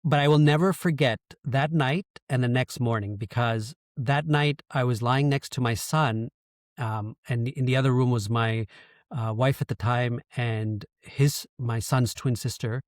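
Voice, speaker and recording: A man's voice: medium pitch, a little slow, no echo, studio quality. A man from Canada, a podcast guest in his thirties, candidly telling an emotional personal story and swearing now and then. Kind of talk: casual storytelling interview.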